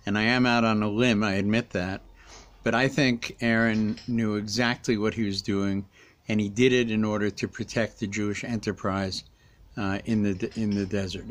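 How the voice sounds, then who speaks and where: A middle-aged rabbi giving a conversational weekly Torah talk, pausing often and restarting his sentences. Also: medium pitch. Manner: conversational, frequent hesitations and restarts. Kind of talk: casual spoken Torah commentary.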